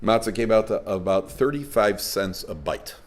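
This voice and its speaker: A man's voice: fairly low pitch, moderate pace. A man speaking as a rabbi, giving a lecture to a live audience, telling stories with humor and acting out the voices he quotes. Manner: storytelling, animated, acts out quoted voices; warm, joking with listeners. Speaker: rabbi giving a parenting talk.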